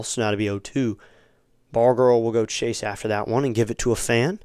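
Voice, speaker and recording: A man giving live fan play-by-play commentary on a baseball game, chatty between pitches and louder and quicker on big plays. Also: clean tone, no room sound. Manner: conversational, rising to excited calls on big plays.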